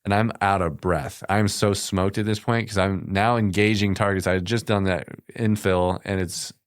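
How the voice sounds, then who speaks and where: A man's voice: sits low, steady tone, moderate pace, no echo. A man from the United States, a podcast guest, telling combat stories in a plainspoken, matter-of-fact way in a studio. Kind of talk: casual storytelling in conversation.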